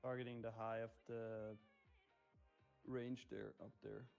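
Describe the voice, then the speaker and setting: A man's voice: on the low side, flat delivery, takes it slowly, vocal fry, darkish tone, smooth, lo-fi sound, faint music behind. A young man on a trading livestream, giving laid-back updates on his trades in casual chat. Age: young adult.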